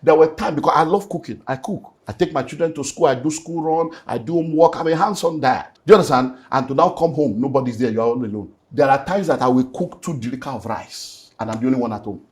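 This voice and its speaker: A middle-aged man with a Nigerian accent, a pastor giving an earnest personal testimony in conversation, slipping into Pidgin and moving between hushed and emphatic speech. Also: medium pitch, fast talker, few pauses. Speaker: pastor, guest.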